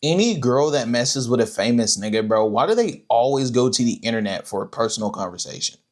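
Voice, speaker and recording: A man's voice: mid-range voice, expressive, a little fast. A man streaming a casual reaction to video clips, blunt, profane and joking.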